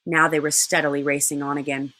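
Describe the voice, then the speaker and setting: A woman teacher reading a children's novel aloud in an expressive way. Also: low voice, brisk.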